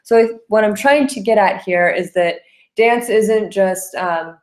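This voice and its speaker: A woman's voice: medium pitch, measured pace, darkish tone. A woman teaching a dance class, explaining terms with frequent "okay?" checks and counting out rhythms aloud. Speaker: dance instructor. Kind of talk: classroom lecture.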